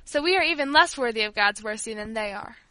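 A woman's voice: on the high side, animated, fast talker, bright, forceful tone, no room sound, poor audio. A woman doing a blunt old servant woman. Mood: emphatic. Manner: emphatic, exclaiming.

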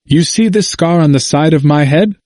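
A man voicing an intense, earnest man in his seventies with a hoarse voice and an emphatic manner, in a dry recording. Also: fairly high pitch, moderate pace, dry recording, pitched above the performer's own voice, lightly acted. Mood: quiet, earnest. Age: 70s. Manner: forceful and emphatic, then near-whispered.

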